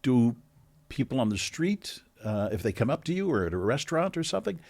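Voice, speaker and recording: A man's voice: medium pitch, very animated, a little fast, creaky, darkish tone. A man hosting a podcast, asking curious follow-up questions in a conversational way. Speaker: podcast host.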